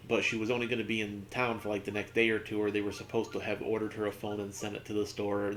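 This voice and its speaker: Low gravelly man telling a story. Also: fairly bright tone, slight background noise. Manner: rambling anecdote with many fillers. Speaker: gaming streamer. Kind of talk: casual storytelling while playing.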